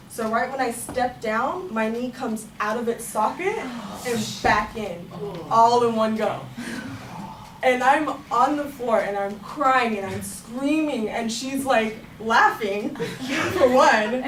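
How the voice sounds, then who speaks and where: A young woman telling a funny personal story in a chatty way, laughing as she goes. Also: on the high side. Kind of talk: personal story told to a room. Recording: echoey room, far from the mic, noisy.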